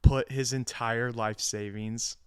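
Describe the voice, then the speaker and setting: Casting: young male co-host, smooth, clean voice, casual and swearing, close dry mic. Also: mid-range voice, steady tone, slow pace, no room sound. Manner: profane, self-mocking storytelling. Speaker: podcast co-host. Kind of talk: casual chat.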